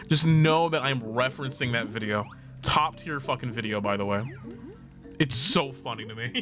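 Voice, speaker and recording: A man streaming a video game, chatting casually, laughing often and swearing freely. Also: a little high. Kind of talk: casual gaming stream chat. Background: game music.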